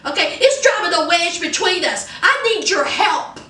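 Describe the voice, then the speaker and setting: Sassy lady gossiping, high bright voice, roomy echo, kinda far from mic. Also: big pitch swings, moderate pace. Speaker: YouTube recap host. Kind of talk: casual chatty recap.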